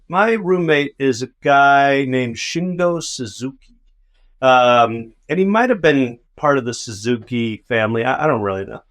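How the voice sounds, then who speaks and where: A man's voice: medium pitch, fairly bright tone. A man co-hosting a podcast, telling a rambling, profane, self-mocking story in casual chat. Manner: rambling, profane, self-mocking, acts out his own past outbursts. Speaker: podcast co-host.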